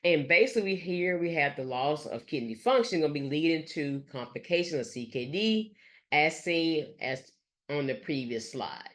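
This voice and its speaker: A nurse educator giving a recorded lecture over slides, speaking haltingly and leaning on fillers and restarts. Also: medium pitch, animated. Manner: halting, with frequent fillers like "let's say" and "gonna".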